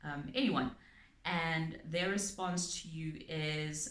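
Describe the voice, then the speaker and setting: A woman calmly explaining her topic to viewers, using everyday examples and frequent pauses and ums. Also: sits low. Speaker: channel host on abuse awareness. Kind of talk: explanatory talk to camera. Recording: echoey room.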